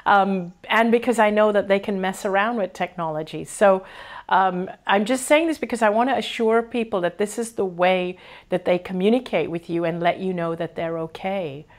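A woman hosting a live-stream conversation, speaking warmly and effusively and reading viewer comments aloud. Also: medium pitch, normal speed. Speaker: host.

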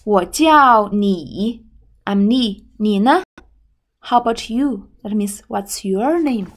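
A woman teaches Mandarin grammar, speaking slowly and carefully. She explains each point in simple English and checks in after it. Her voice sits at a middle pitch. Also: expressive. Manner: patient, repeats "okay?" after each point. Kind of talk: language lesson explaining grammar.

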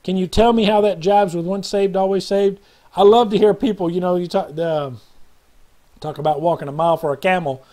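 High-voiced, mellow man preaching. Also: steady tone, a little fast. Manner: earnest, rambling, preachy, acts out quotes in a parable. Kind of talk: sermon. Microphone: webcam or phone video.

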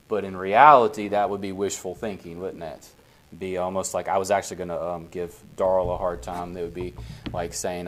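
A man with a lowish voice leads a small group's casual Bible study, talking in an easy, conversational way. He keeps checking whether everyone follows, and his tone stays relaxed and unhurried.

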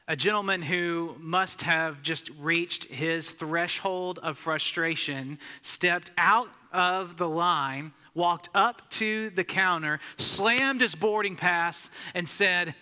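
A man's voice: fairly high pitch, sharp tone, clean tone. A man giving a sermon as a pastor, telling a story conversationally and asking the congregation questions. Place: church sanctuary. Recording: long hall reverb.

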